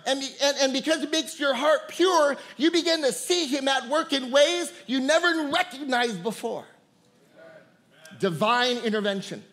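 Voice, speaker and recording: A man's voice: very high voice, unhurried, a bit bright. A man preaching a sermon, repeating words and calling out to the congregation, laughing often. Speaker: pastor.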